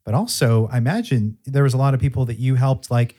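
Man, podcast host, casual interview, reflective summarizing, mid pitch. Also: quick pace, few pauses, dark tone. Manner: thoughtful, sums up the guest's points.

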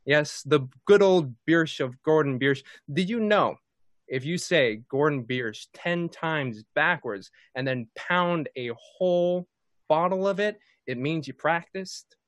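Hosting a tabletop game stream as dungeon master, a man reads out sponsor announcements in a jokey, punning, rambling style full of fillers. His voice is on the high side and slow, captured in a dry recording.

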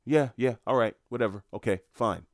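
A man's voice: mid-range voice, a little fast, dry recording, studio quality, close to an everyday voice. A man voicing a brash young male undercover cop with a Boston accent, defensive and dismissive.

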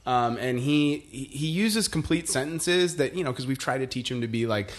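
A man's voice: medium pitch, lively intonation, normal speed. A man in his thirties in casual chat, rambling through stories with frequent swearing and laughter. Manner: rambling storyteller, swears freely, laughs often.

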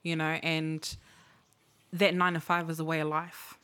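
A woman, chatting casually as a podcast co-host. Her voice sits a little low for a woman. She talks candidly, swears freely and acts out the lines of people in her stories. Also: level tone, moderate pace, fairly bright tone, smooth. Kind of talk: casual chat.

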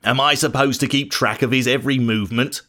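A bitter young man grumbles and defends himself, as a man reads him out in a storybook. His voice is a touch lower than the reader's own and lively in pitch. He sounds sullen and put upon. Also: moderate pace. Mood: defensive. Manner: sullen, complaining.

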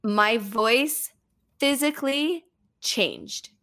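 A fairly high-voiced woman in her thirties chats on a podcast as a guest, a singer and voice teacher. She tells her story with animation, slipping into other people's voices as she quotes them. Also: animated, extremely slow, fairly bright tone. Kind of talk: casual podcast conversation.

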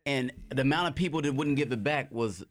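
A man in a casual podcast chat who tells a story in a relaxed, hesitant way. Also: medium pitch, fairly quick.

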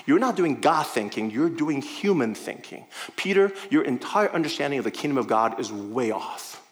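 A man voicing a resolute male teacher who speaks in a stern, measured way. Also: medium pitch, expressive, in a large hall, voice pushed down, natural voice. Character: firm, resolute male teacher rebuking a follower.

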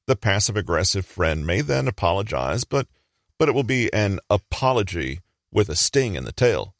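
Brief: low-pitched male narrator with an animated, varied delivery in a measured, explanatory tone. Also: creaky, no room sound, clean studio sound. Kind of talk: scripted narration.

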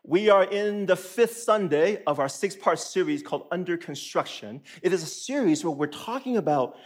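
A man preaching a sermon as a pastor in a church, animated and playful, acting out his listeners' reactions. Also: sits high, normal speed. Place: church auditorium.

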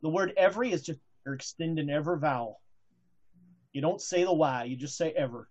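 A woman with a lowish voice hosts a relaxed gaming chat, stumbling over fillers and restarting her sentences often. Her audio sounds somewhat muffled and lo-fi. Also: fairly quick. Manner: hesitant, many fillers and restarts. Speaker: podcast host. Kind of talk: casual chat.

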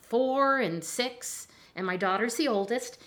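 An older woman, a chiropractor, talking in a relaxed interview and telling stories with lively acted-out voices. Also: a little high, measured pace. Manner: animated storyteller, acts out voices in anecdotes. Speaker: chiropractor guest. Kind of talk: conversational interview.

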